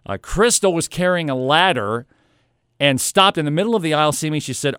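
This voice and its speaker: A man recounts a story in a loose, animated monologue, tossing in playful asides. His voice sits a little high for a man and sounds smooth and resonant. The recording is close and dry. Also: brisk, dry recording.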